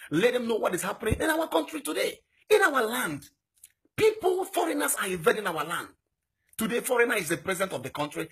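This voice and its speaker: A man's voice: fairly bright tone, slightly rough. A young man with a Nigerian accent making an impassioned, exhorting political appeal, his voice leaping up on rhetorical questions. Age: young adult. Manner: fiery and exhorting, voice swinging high on rhetorical questions. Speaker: political activist.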